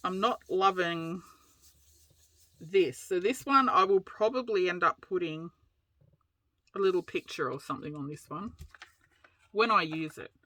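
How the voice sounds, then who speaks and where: Chatty Australian woman crafter, bright forward voice, rambling and giggly, casual vlog talk. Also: lowish voice, unhurried, pauses often, no room sound. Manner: rambling storyteller, laughs a lot. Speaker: crafting channel host.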